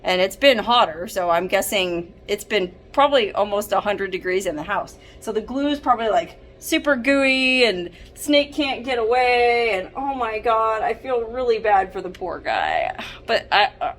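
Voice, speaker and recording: A woman's voice: a little high, expressive, moderate pace, fairly bright tone. A young adult woman vlogging casually, distressed and apologetic, with nervous laughs. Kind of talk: casual vlog talk to camera. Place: hot house and shaded yard.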